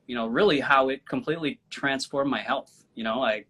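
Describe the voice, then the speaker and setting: A man from Minnesota co-hosting a casual chat, talking haltingly with many fillers. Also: mid-range voice, pushed and bright, slightly rough. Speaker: co-host.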